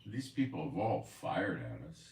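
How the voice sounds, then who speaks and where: Deep slow guy rambling on his channel, roomy echo, sits back from the mic. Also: sing-song, recorded from a distance, slight background noise. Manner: rambling, repeats himself. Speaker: host of a prophecy news channel. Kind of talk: casual commentary. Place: home in Israel.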